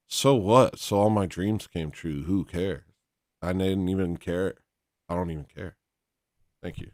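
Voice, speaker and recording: A man hosting a casual livestream, reading donations and rambling in a deadpan, teasing, self-mocking way. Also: low voice, no room sound, clean studio sound.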